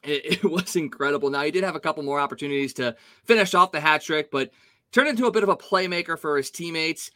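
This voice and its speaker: Bright, animated male sports podcaster. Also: fairly high pitch, quick pace, no echo. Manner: animated, opinionated hockey analysis. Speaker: podcast co-host. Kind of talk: casual sports talk.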